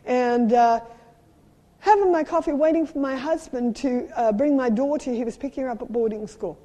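A middle-aged South African woman preaching in a high, mellow voice. She tells lively personal stories and urges her listeners on emphatically. Her voice rings out with a long reverb through a large hall. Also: normal speed. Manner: animated storytelling with playful sound effects and emphatic exhortation. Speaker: traveling preacher.

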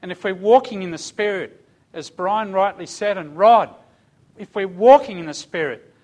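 A middle-aged man, preaching a sermon and telling a personal story, dropping to a hush and then rising to loud cries. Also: high-pitched. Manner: storytelling, swinging from hushed to shouting. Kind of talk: sermon testimony.

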